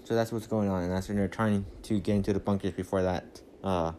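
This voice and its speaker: A man's voice: sits low, fairly even intonation, fairly quick, mellow, slight background noise. A man rambling through a casual movie recap on a phone mic, full of fillers and restarts. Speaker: podcast host.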